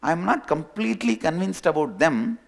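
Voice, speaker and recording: A man, a spiritual teacher telling a parable in a sermon, unhurried and soft-spoken. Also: fairly high pitch, very animated, gravelly. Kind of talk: sermon with storytelling.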